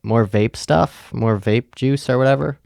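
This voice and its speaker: Casual Russian woman in her late twenties, quoted by a man; low gravel, dry and close. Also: a little slow, darkish tone, no room sound.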